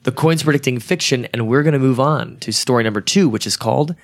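A man's voice: medium pitch, fast, gravelly, no room sound. A man hosting a casual podcast, joking with friends and leading each round. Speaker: podcast host.

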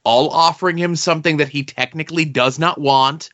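A man co-hosting a podcast, discussing a comic book issue in a measured, analytical way. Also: fairly high pitch, fairly even intonation, a bit bright, dull audio. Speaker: podcast co-host.

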